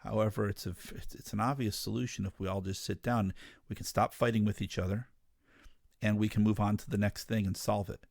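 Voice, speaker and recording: Low gravelly guy preaching hard to his listeners, dead dry room. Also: fairly even intonation, brisk, a little mellow, no echo. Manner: earnest, emphatic, addresses listeners as folks. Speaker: ministry podcast host. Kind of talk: impassioned monologue.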